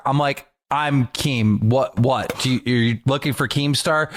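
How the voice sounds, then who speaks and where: A man co-hosting a casual podcast, telling stories in a profane, animated way and acting out quotes in a raised voice. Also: medium pitch, moderate pace, few pauses. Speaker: podcast co-host.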